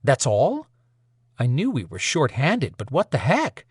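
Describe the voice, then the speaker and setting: A man's voice: medium pitch, huge pitch swings, a little slow, slightly rough, no echo, clean studio sound, heavily acted. A man reading an audiobook voices a determined woman supernatural warrior, blunt and impatient. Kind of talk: audiobook character voice.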